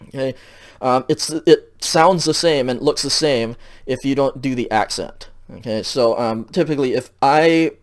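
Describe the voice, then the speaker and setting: A man giving a recorded lecture over slides, patient and explanatory, checking in often and filling pauses with ums. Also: mid-range voice. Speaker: teacher.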